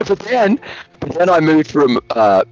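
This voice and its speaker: A man's voice: a little high, sing-song, measured pace, a little mellow, muffled recording, soft background music. A man from Australia, a guest content creator, chatting loosely in an interview and telling jokey stories full of fillers, over a video call. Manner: joking, loose storyteller with frequent fillers. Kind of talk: casual interview chat. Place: home in Latvia.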